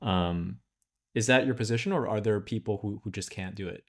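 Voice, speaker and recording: A man's voice: on the low side, a little fast, vocal fry. A man hosting an interview, asking curious, thoughtful questions. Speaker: interview host.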